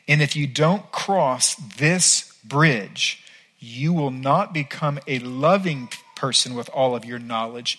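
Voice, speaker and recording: A man preaching a sermon as pastor, earnest and emphatic, swinging between quiet and loud. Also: medium pitch.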